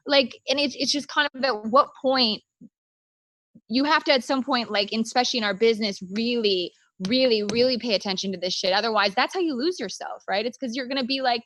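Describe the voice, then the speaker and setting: A woman's voice: on the high side, a little fast, a bit bright, no room sound. Chatty host woman, dry close sound. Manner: rambling, acts out quotes. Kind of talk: casual conversation.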